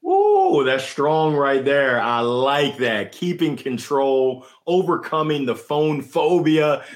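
A man's voice: medium pitch, very animated, slow pace, hardly any pauses. A man with a Southern US accent hosting a podcast, reacting to his guest with effusive, exclamatory enthusiasm. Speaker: podcast host. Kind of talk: enthusiastic interviewer chat.

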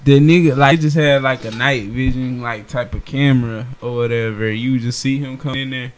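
A man's voice: mid-range voice, fairly even intonation, moderate pace, slight background noise. A man co-hosting a podcast, telling a story loosely with lots of slang and frequent laughter. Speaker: podcast co-host. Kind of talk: casual banter among friends.

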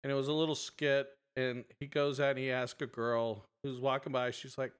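A man co-hosting a podcast in casual chat, retelling stories with lively acted-out voices. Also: mid-range voice, moderate pace, clear, resonant tone. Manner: animated storyteller acting out voices. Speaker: podcast co-host.

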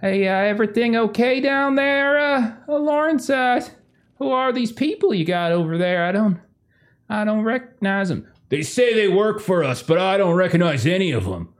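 A man's voice: high voice, expressive, moderate pace, voice pushed up. A man playing a drawling slender woman. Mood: puzzled.

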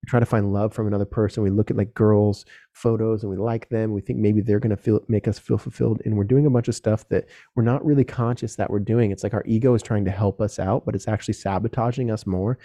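Gravelly-voiced man, earnest solo podcast. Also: lowish voice, steady tone, quick pace, hardly any pauses, warm tone. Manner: earnest, direct, casual, with mild swearing. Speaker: podcast host.

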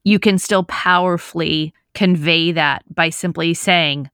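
Woman, podcast co-host, low voice, dry close sound, thoughtful. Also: steady tone, a bit bright, clear, resonant tone, no echo. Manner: thoughtful, measured, asks questions. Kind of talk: casual podcast conversation.

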